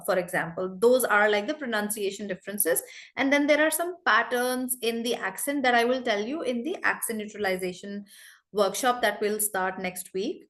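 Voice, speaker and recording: A woman with an Indian English accent runs an online English class over a video call, with a voice sitting a little high. She explains points briskly and firmly tells students to stop laughing and disturbing her. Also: fairly bright tone. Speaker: English teacher.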